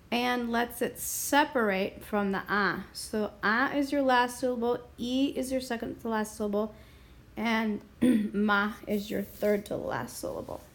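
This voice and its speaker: A woman explaining a Spanish grammar lesson in a slow, deliberate way, stopping now and then to clear her throat. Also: fairly high pitch, a bit bright. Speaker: Spanish teacher.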